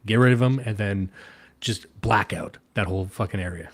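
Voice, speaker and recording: A fairly low-voiced man from Canada, hosting a livestream in loose, rambling political chat. He swears freely and breaks into laughs between his points. His delivery is casual and meandering. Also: normal speed. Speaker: stream host.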